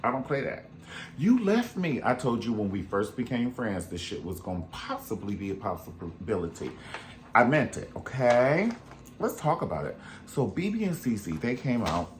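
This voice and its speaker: A man hosting his own casual commentary, sassy and animated, tossing in curse words, calling people honey and mimicking voices. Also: on the low side, a little hiss or hum. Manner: strong cusses and "honey" asides. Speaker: show host.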